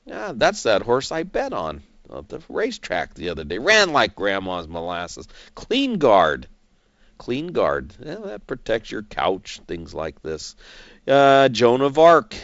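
A man's voice: fairly low pitch, wildly swooping pitch, takes it slowly, creaky, a bit bright, no echo, highs cut off. A man giving casual, folksy commentary on stocks and dividends, chatty and joking as he goes. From California, United States.

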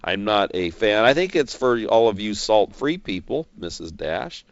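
Folksy, lively-voiced male investing commentator. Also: fairly low pitch, moderate pace, creaky, no echo, highs cut off. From California, United States. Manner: folksy, chatty, jokes as he goes. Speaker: stock market commentator.

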